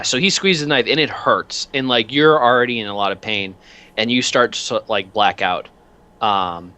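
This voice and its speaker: A man runs a tabletop game as its game master and narrates in a rambling, animated way full of fillers. His voice is low and bright.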